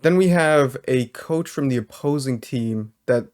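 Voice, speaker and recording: A male social worker narrates his reaction to a video in a measured, explanatory way. He hedges his points carefully, in an ordinary mid-pitched voice. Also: darkish tone.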